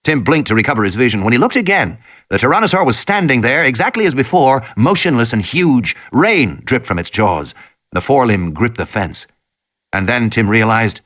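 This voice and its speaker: Animated male storyteller, bright tone, big pitch swings, dramatic reading. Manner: dramatic, rises and falls with the tension. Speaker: audiobook reader. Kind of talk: dramatic audiobook narration.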